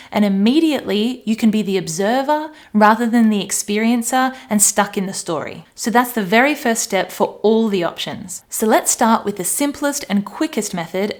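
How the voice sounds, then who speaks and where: A woman, giving a chatty coaching talk and playfully acting out examples. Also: medium pitch. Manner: warm-hearted, chatty, acts out voices playfully. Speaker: life coach. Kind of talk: solo coaching talk to camera.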